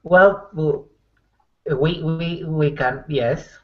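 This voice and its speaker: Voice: medium pitch, very slow, highs cut off, a little hiss or hum. A player in a tabletop role-play game who speaks in character, stammers and makes wry remarks.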